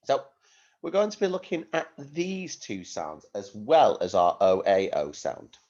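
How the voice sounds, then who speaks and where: A male primary school teacher giving a phonics lesson to young children, speaking slowly in a sing-song way and asking many tag questions. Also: on the low side, sing-song, a little mellow, lo-fi sound.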